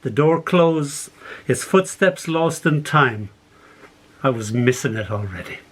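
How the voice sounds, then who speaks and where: An older man, a poet, reading his poems and telling stories behind them over a video call, animated and quick to laugh. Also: mid-range voice, breathy edge. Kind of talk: poetry reading with anecdotes.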